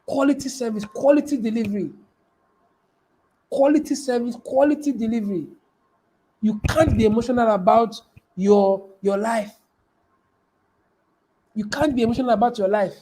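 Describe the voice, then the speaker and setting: A man with a high-pitched, mellow voice coaches viewers on business in a live-streamed motivational talk, speaking at normal speed with long pauses. He drives points home by repeating phrases and firing questions at the audience, emphatic yet conversational. The audio is poor.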